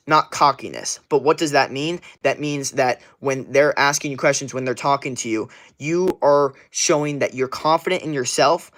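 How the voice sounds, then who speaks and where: A young man coaching fitness in a loose livestream chat, his voice sitting right in the middle of the male range. He rambles through his advice with plenty of fillers and restarts. Now and then he drops into quick acted quotes. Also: mid-range voice, a bit bright.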